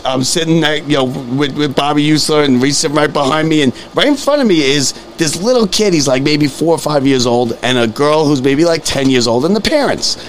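New guy in his 40s rambling thru a story, slightly high voice, faint hiss behind. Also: fairly quick, hardly any pauses. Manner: animated storyteller, repeats words, acts out quoted voices. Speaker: podcast host. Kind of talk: casual storytelling chat.

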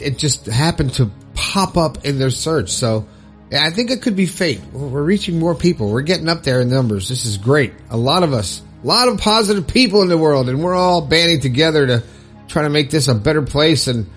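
A man's voice: on the high side, animated, normal speed, faint music behind. Upbeat rambling man hosting a podcast. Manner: upbeat, rambling, laughs often, many fillers. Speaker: podcast host. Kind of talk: casual solo podcast talk.

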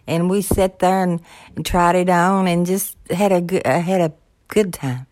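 Older lady, low-ish voice, soft and agreeable, dry close sound. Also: fairly even intonation, normal speed, no echo. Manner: gentle, agreeable, warm recollection. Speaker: mother of the host. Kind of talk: casual conversation.

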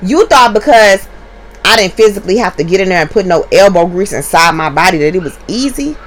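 A woman, a stay-at-home mother hosting her podcast from home in a blunt, profane, emphatic monologue that jumps up in pitch when she gets heated. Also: lively intonation, a little fast. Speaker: podcast host. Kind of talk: candid monologue. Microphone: podcast mic.

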